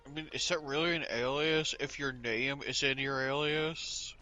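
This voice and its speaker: A man co-hosting a casual livestream chat with quiet, dry remarks. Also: medium pitch, fairly even intonation, moderate pace, soft background music. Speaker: co-host.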